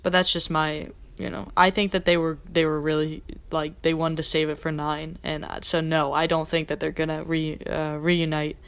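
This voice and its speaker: A woman's voice: deep voice, level tone, moderate pace, hardly any pauses, a bit bright, smooth, no echo. A young woman hosting a pop-culture podcast, chatting casually and rambling with fillers. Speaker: podcast host.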